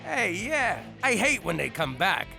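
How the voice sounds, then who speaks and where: Brash cartoon ex-mobster, gravelly and lively. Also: male voice, high-pitched, measured pace, over music, full character voice. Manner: gravelly, excitable. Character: brash former mob boss, middle-aged man. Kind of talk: adult cartoon voice acting.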